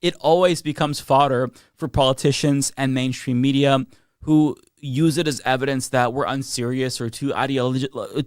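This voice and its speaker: Male political commentator, earnest and blunt, mid pitch, dry close recording. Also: no room sound. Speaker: commentator in a played clip.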